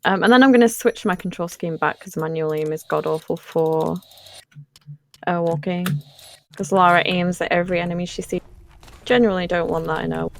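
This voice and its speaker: A woman casually commentating her own speedrun, explaining the tricks in a relaxed way with frequent ums. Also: fairly low pitch, fairly quick, vocal fry.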